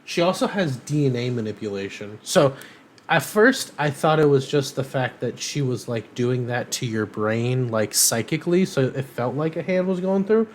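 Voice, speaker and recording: A man's voice: medium pitch, lively intonation, normal speed, a little hiss or hum. A man co-hosting a podcast, chatting casually and rambling with lots of ums and uhs. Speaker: podcast co-host. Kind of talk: casual chat.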